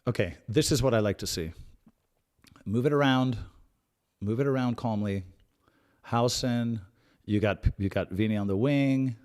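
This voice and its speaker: A man hosting a live match watch-along, calmly analysing tactics and breaking into excited outbursts at big plays. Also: mid-range voice, measured pace, long pauses. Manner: chatty, repeats himself and restarts phrases. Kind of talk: live fan match commentary.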